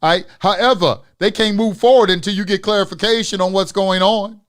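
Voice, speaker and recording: High-voiced man ranting in a live class. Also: fairly even intonation, a little fast, clean tone. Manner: profane, preachy, swings from loud ranting to muttering. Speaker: instructor of an online class. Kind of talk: live online lecture.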